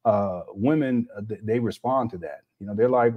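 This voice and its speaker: A man's voice: lowish voice, normal speed, hardly any pauses, dark tone. A man hosting a casual reaction commentary, rambling with many restarts and scornful asides. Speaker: commentary host.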